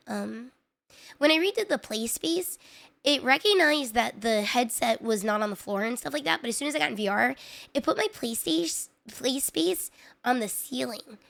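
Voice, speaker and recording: A woman's voice: a little high, vocal fry, fairly bright tone. A woman streamer chatting casually to her viewers, rambling with lots of filler words and putting herself down, audibly frustrated. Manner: rambling, filler-heavy, self-deprecating. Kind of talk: casual live-stream chat.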